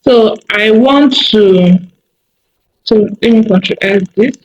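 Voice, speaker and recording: A woman teaching a coding tutorial over a screen recording, thinking aloud slowly with many fillers and small self-corrections. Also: mid-range voice, dull audio, a little hiss or hum.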